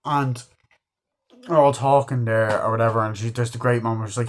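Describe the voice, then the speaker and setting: A man's voice: mid-range voice, fairly even intonation, a little fast. A man talks casually about a favourite film, rambling from scene to scene with plenty of fillers. He swears freely and sounds openly enthusiastic. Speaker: movie reviewer. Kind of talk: casual film review chat.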